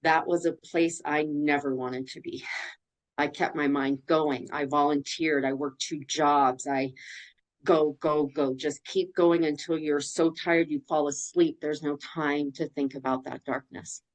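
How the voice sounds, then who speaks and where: A woman's voice: low-pitched, steady tone, a little slow, poor audio. A woman guest on a podcast telling her personal story in a candid, emotional way, blunt and swearing now and then.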